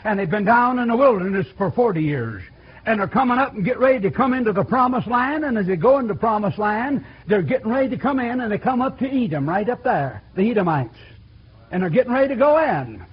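Husky, lively preacher with a high voice. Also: male voice, fast, dull audio. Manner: folksy, repetitive call-and-response preaching. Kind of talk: sermon.

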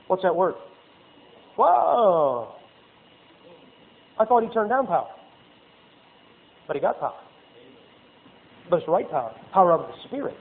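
A man preaches a homespun sermon, reading verses aloud and slipping into playful asides. His voice sits high for a man. The recording is narrow and tinny, like a phone line. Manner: folksy preaching with Bible readings and acted asides.

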